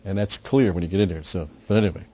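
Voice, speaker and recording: A man's voice: sits low, fast, warm tone. A man teaching through a Bible passage verse by verse, conversational and full of asides, pressing hard on key words. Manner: conversational, with frequent asides and restarts. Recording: dull lo-fi recording.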